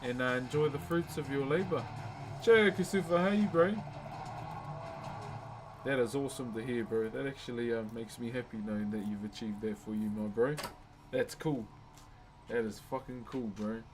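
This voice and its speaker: A man's voice: medium pitch, fairly even intonation, a little fast, darkish tone, poor audio. A man with a New Zealand accent, live-streaming his wood carving and chatting casually with viewers, calling everyone bro. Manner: laid-back, calls everyone bro. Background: music playing.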